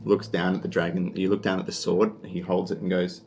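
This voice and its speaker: A man's voice: low voice, level tone, brisk, hardly any pauses, darkish tone, soft background music. A man with an Australian accent narrating a tabletop game as game master, laid-back and full of fillers.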